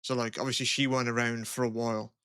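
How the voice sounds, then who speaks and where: A man's voice: medium pitch, little pitch movement, quick pace, bright, forceful tone, clear, resonant tone, no room sound, clean studio sound. A man co-hosting a podcast in casual chat, rambling, with a lot of "like" and swearing. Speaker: podcast co-host.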